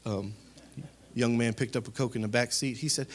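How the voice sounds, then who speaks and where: A man preaching a sermon as pastor, talking straight to his congregation in a conversational way, rising to loud emphatic peaks and dropping to quiet asides. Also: medium pitch, normal speed, long pauses. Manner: conversational, addresses the congregation directly.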